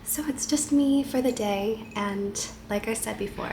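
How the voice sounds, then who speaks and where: Congested woman chatting softly at home. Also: medium pitch, measured pace, background noise. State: congested from a head cold. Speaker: vlogger. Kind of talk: casual chat to camera.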